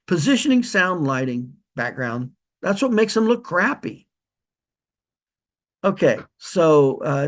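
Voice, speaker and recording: A man's voice: on the high side, gravelly. A man who is a practice consultant, giving loose spoken training with direct instructions and frequent restarts. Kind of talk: casual spoken training video. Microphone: holds a lavalier like a handheld mic.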